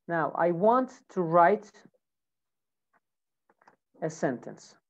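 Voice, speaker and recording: A woman with a teaching pronunciation in a live online lesson, speaking slowly and repeating each example. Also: on the low side, expressive, dull audio. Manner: slow, deliberate, repeats examples.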